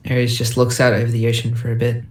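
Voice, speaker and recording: A man at a middling pitch, talking softly and hesitantly as a tabletop player who often sounds apologetic. His voice carries a roomy echo. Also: monotone, quick pace. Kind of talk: tabletop role-play, in character.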